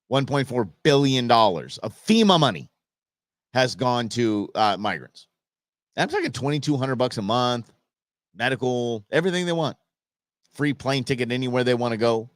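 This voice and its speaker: A show host leads a live political commentary program, fired up and sarcastic, frequently restarting and repeating himself. His medium-pitched voice is animated and fairly bright at a moderate pace, recorded cleanly in a studio with no room sound.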